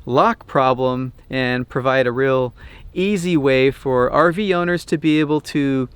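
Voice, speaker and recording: A man hosting an RV do-it-yourself vlog, telling a story in a chatty, relaxed way. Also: medium pitch, unhurried, smooth, dry recording. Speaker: RV DIY channel host.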